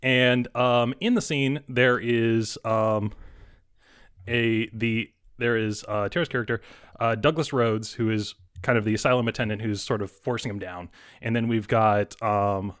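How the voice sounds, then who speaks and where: A man narrating a tabletop horror game as game master, halting with many pauses and restarts. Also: mid-range voice, fairly even intonation, a bit bright, clean tone.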